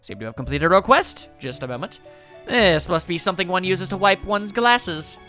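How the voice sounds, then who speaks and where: A man voicing a prim, formal female attendant from a video game, in a lower, measured tone. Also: animated, sharp tone, soft background music.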